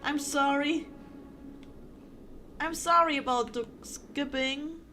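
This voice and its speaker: A woman's voice: high-pitched, slow, pushed and bright, soft background music. A woman from Germany with a German accent, streaming a game with playful, giggly commentary and frequent swearing. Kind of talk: casual gaming commentary.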